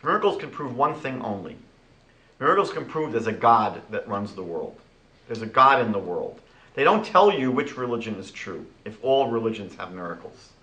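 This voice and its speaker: A man giving a lecture as a rabbi, animated and rhetorical, retelling conversations. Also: medium pitch, moderate pace, roomy sound, low-quality recording.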